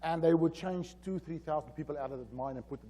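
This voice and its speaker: A man telling an animated story on stage at a conference, acting out the dialogue. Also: a little high, fast talker, breathy edge. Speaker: conference keynote speaker. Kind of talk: storytelling presentation. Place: conference hall.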